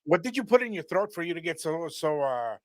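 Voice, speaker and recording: A man's voice: a little high, sing-song, fairly quick, no room sound. A man hosting a radio show, mixing in Spanish phrases and teasing his co-host with playful hype. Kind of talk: bilingual radio chat.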